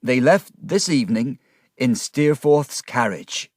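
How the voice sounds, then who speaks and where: A man voicing a quiet, grief-stricken young fisherman in a storybook reading. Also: mid-range voice, expressive, no echo, studio quality, pitched above the performer's own voice. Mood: grieving. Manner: slow, quiet. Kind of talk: audiobook character voice.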